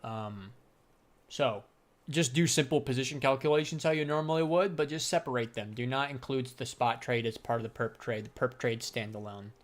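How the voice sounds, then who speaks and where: A man's voice: medium pitch, normal speed. A young adult man chatting casually on a livestream about trading and answering viewers. His talk is loose, slangy and profane, and he laughs often. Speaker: livestreamer and crypto trader.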